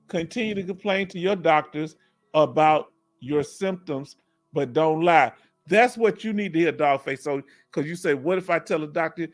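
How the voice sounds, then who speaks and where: Animated Texan man hosting a livestream. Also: a little high, normal speed, soft background music. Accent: Southern US, Texas. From Houston, Texas. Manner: animated, laughs often, folksy slang. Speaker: livestream host reading chat. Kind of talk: casual livestream Q&A. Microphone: headset.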